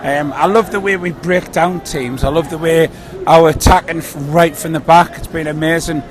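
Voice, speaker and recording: A man's voice: fairly high pitch, steady tone, moderate pace, some chatter behind. A man, giving rambling, earnest predictions about a football match outdoors. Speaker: football fan guest. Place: outdoors on a busy city street. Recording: noisy street background.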